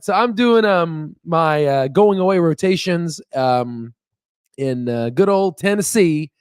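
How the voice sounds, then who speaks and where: A man's voice: medium pitch, clear, resonant tone, dry recording, studio quality. A young man hosting a stock market channel, chatting casually and rambling with fillers and laughs. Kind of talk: casual livestream chat. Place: staying in Memphis, Tennessee. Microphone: on Wi-Fi stream.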